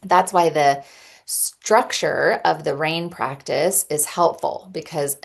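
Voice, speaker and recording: A woman in her thirties talks through a parenting practice in a loose, chatty way. Her voice sits low and carries a gravelly fry, and she often pauses with ums and starts sentences over. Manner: chatty with frequent ums and restarts. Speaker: podcast host and parent coach. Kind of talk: casual teaching monologue.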